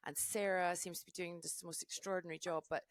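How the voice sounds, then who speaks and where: A middle-aged woman, a ski mountaineering race commentator, chatting as a podcast guest in a gushing, animated way with many restarts. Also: lowish voice, quick pace. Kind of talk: casual podcast chat.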